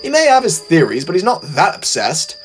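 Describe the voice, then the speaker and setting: A man voicing a small, eager young male tank engine who talks high and loud. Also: wildly swooping pitch, brisk, faint music behind. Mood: earnest.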